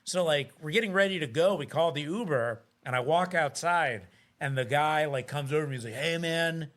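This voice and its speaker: A man's voice: on the high side, fairly quick. A man on a podcast as the guest comedian, telling a story casually and acting out the dialogue in it. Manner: animated, acts out dialogue in the story. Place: podcast studio. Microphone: studio mic.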